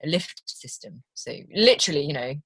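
A British woman, a voice actor, talking casually in an interview and telling lively stories with quoted voices. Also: low-pitched, fairly quick, husky, dry recording. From Britain. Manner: chatty, animated storytelling with quoted voices. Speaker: voice actor guest. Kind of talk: conversational interview.

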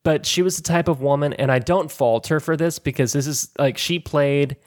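A man's voice: on the high side, moderate pace. A man on a podcast, chatting casually and telling a long story, laughing often and acting out what people said. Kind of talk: casual chat.

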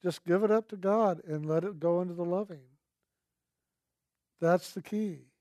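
A man shares a spiritual testimony in a gentle, earnest storytelling voice. He often lingers on and repeats his key words. His voice sits somewhat high, and it is recorded close up in a dry space with no room echo. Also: a little slow. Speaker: speaker sharing a personal testimony.

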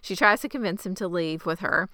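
A woman's voice: lowish voice, a little fast, pushed and bright, no room sound, studio quality. A woman recapping a TV show in casual chat, wry and matter-of-fact.

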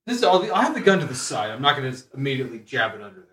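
A man's voice: mid-range voice, sing-song, racing, fairly bright tone. A man in casual in-character tabletop play, voicing a special forces operator, thinking aloud with hesitant restarts.

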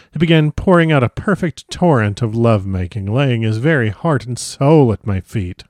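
Man gently reading a classic novel. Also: mid-range voice, no room sound, studio quality. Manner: gentle, expressive storytelling. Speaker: audiobook reader.

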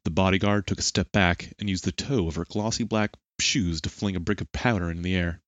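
A man reading an action novel aloud in steady, measured audiobook narration. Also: low-pitched, no echo, dull audio.

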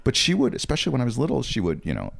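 A man's voice: mid-range voice, huge pitch swings, racing, vocal fry. Man telling rambling stories. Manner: rambling storyteller, chuckles often. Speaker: podcast co-host. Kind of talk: casual chat.

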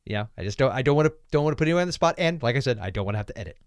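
A man's voice: mid-range voice, lively intonation, rapid-fire, clean tone, no room sound, studio quality. A man hosting a podcast, chatting casually and rambling with jokes as he thinks aloud. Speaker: podcast host. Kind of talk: casual chat.

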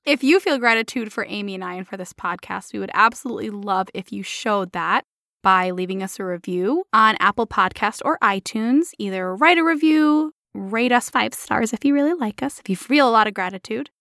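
A woman's voice: mid-range voice, expressive, brisk, a bit bright, no room sound, studio quality. A woman co-hosting a podcast in casual chat, giggly and sincere, with an affectionate way of talking. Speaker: podcast co-host.

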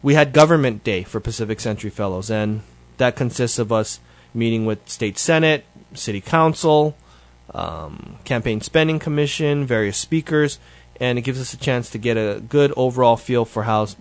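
This male show host delivers a casual solo update, rambling conversationally and frequently stopping to correct himself. He talks at normal speed with lively intonation, few pauses, and a middle pitch, captured in a close, dry recording with no echo.

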